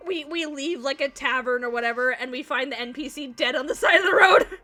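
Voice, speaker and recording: A woman streams a video game while chatting casually and sleepily, yawning, swearing freely and laughing often. Her high-pitched voice is pushed and bright, a little fast, with faint music in the background.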